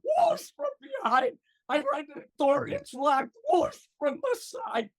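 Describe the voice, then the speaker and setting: An older man tells a travel story as an interview guest. He is animated, acts out the other voices and laughs often as he goes. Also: extremely high pitch, a little slow. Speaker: gardening expert guest.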